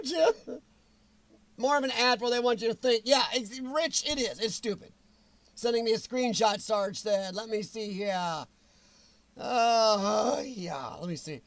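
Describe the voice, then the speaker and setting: High-voiced man ranting on a livestream. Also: fairly bright tone, dry recording. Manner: angry, profane, sarcastic ranting. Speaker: livestream host.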